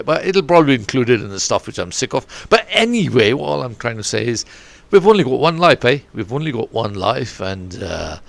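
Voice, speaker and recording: A man's voice: medium pitch, vocal fry, dry recording. A middle-aged man, a football coach, hosting a rambling solo podcast from his bedroom with no proper studio, wandering off topic and swearing mildly as he talks. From Zambia. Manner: digressive, animated, mildly swearing. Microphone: home setup, no studio.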